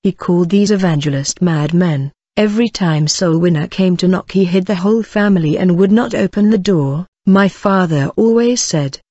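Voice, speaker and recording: Woman narrator, earnest slow testimony read, dull dry lo-fi track. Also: fairly low pitch, warm tone, dry recording. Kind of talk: solemn read religious testimony.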